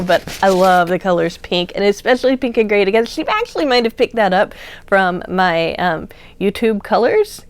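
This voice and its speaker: A woman hosting a craft channel, chatting casually and gushing as she shows off yarn, with plenty of fillers. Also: medium pitch. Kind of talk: casual unboxing chat.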